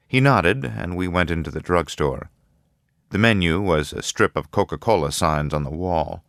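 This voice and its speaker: A man narrating a first-person audiobook in a measured, low-key, matter-of-fact way. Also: no echo, clean studio sound.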